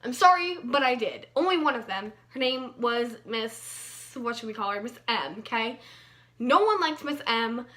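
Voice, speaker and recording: A woman's voice: on the high side, fairly bright tone. Chatty young woman telling a storytime. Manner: chatty, lots of fillers, playful emphasis. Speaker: vlogger. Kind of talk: casual storytime vlog.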